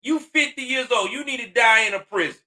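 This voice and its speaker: A man's voice: very high voice, a little fast, sharp tone. A man in his forties giving heated, profane commentary on a news story, ranting angrily with a lot of emphasis. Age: 40s.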